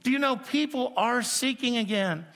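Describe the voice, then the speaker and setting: Male pastor, 60s, emphatic sermon delivery, bright edgy tone, long hall reverb. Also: very high-pitched, moderate pace. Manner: emphatic preaching with rhetorical questions and repetition.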